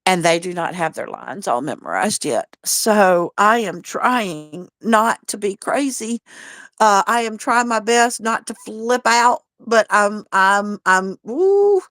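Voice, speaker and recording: A woman's voice: mid-range voice, takes it slowly, a bit bright, no echo, studio quality. A woman hosting a casual livestream, talking in a chatty, folksy way and greeting viewers by name. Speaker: livestream host.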